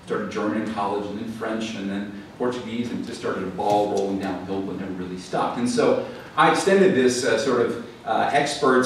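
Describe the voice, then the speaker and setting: A man giving a talk to an audience, telling stories in a chatty way with fillers and restarts. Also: lowish voice. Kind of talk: lecture to a live audience. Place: library event hall. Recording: echoey hall, mic at a distance, faint noise.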